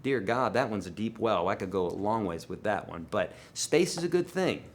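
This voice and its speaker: Speaking to his viewers as friends, a man hosts a live guitar Q&A and replies to their questions in a casual, emphatic style. His intonation is lively, with plenty of changes in loudness and pitch, and his speed is normal.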